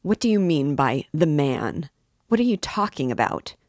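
A woman reading a novel aloud, voicing a tense, suspicious young male student who asks sharp, guarded questions. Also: sits low, expressive, moderate pace, no echo, clean studio sound.

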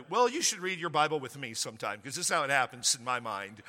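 A man preaching a sermon, telling the story in an animated, humorous way. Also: mid-range voice, quick pace, few pauses. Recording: echoey hall.

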